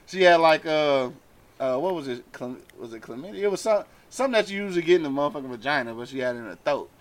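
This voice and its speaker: Fast-talking man with a higher voice. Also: animated. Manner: loose, laughing, profane banter. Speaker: radio show co-host. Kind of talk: casual adult-topic chat.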